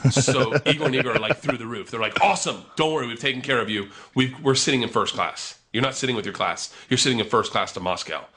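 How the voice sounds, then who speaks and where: A man in his thirties telling a comic story, animated and profane, acting out the voices of the people in it. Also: medium pitch, quick pace, few pauses. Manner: animated, profane, acts out quotes.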